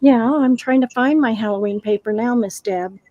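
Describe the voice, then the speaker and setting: A woman's voice: a little high, moderate pace, warm tone, no room sound, highs cut off. A woman hosting a casual craft livestream, reading out chat comments and laughing often between remarks.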